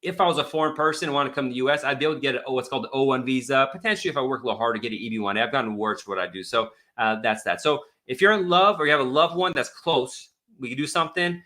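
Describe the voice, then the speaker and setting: A man's voice: mid-range voice, racing, hardly any pauses, bright, forceful tone. A man who is an immigration attorney answers viewer questions on a live stream in a blunt, exasperated, rambling way.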